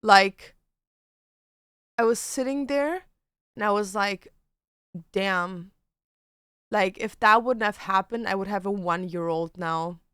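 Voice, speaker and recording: A young woman who grew up speaking German, streaming, talking in a halting casual way full of fillers and restarts. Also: medium pitch, fairly bright tone, smooth, dry recording, clean studio sound. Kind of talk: casual livestream chat.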